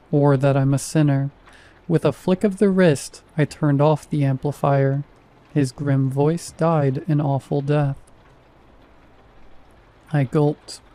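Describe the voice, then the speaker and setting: Guy in his 30s reading a creepy first-person story, dry self-mocking tone, slightly high mellow voice. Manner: wry, self-deprecating storytelling. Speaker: horror story narrator. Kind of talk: scripted first-person horror narration.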